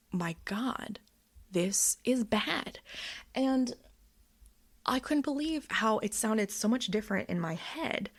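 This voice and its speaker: A woman's voice: medium pitch, vocal fry. A woman in her thirties giving a candid personal update, telling a story in a worked-up, swearing way. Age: 30s. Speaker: vlogger.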